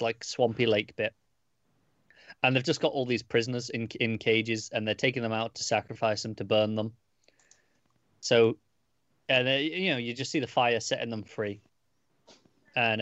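A man's voice: medium pitch, fairly bright tone, no room sound, highs cut off. A man co-hosting a casual podcast, reviewing a comic book in a rambling, hesitant way with many restarts.

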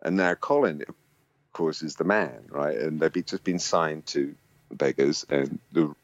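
A man with a very deep voice telling a rambling anecdote, swearing freely and laughing often. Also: unhurried, dry recording. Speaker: musician guest. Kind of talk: casual storytelling. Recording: dull lo-fi sound.

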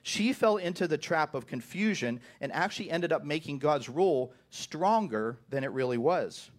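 A man's voice: on the high side, expressive, moderate pace. A man preaching a sermon to his congregation. He often repeats the first words of a phrase and keeps asking "right?". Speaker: pastor.

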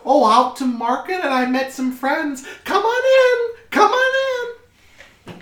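A man voicing a fussy, motherly older woman who chatters in a high, fluttery voice. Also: slow, fairly bright tone, roomy sound, heavily acted. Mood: fussing.

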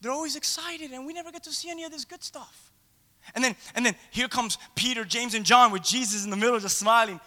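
A male pastor preaching a sermon in a playful, animated storytelling way, acting out the scenes he describes. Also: very high voice, quick pace, in a large hall.

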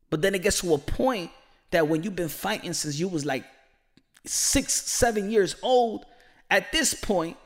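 Emphatic high-voiced male boxing commentator. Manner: emphatic and repetitive, pleading directly to a fighter.

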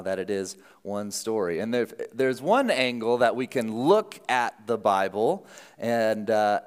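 A man's voice: mid-range voice, clear, resonant tone. A man preaching a sermon as pastor, in an informal, conversational way, after an opening prayer. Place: church sanctuary. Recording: reverberant church hall.

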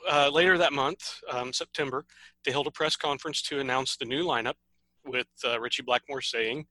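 A man co-hosting a podcast in relaxed chat, laughing easily as he works through his notes. His voice is very bright and forward. The sound is dry and close. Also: medium pitch, moderate pace, no room sound, poor audio. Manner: relaxed, laughs often, reads notes on band history. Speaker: podcast co-host. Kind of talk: casual chat.

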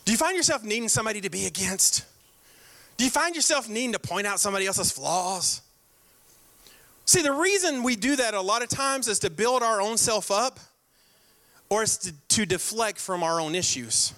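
A male pastor delivering a sermon with a high, bright voice. He hammers his points by repeating them and slows way down to read scripture. Between verses he jabs playfully at his listeners. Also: expressive. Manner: emphatic, repeats key lines, slows to stress scripture; direct, playful jabs at the congregation.

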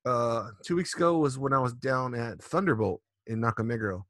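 A man's voice: medium pitch, animated, a little fast, a bit bright, no echo, studio quality. A man in his forties, co-hosting a casual drinking podcast, telling loose, profane stories with a lot of rambling. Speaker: podcast co-host.

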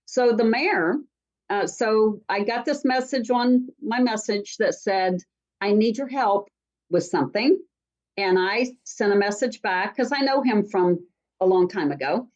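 A woman from Alaska, a talk-show guest, telling a story in lively, chatty fashion with frequent ums and restarts. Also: mid-range voice, unhurried. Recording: dull lo-fi sound.

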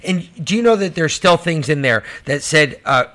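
A man's voice: on the high side, lively intonation, moderate pace, pushed and bright. A male podcast co-host ranting casually and profanely about prices and taxes. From Georgia. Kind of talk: casual political chat.

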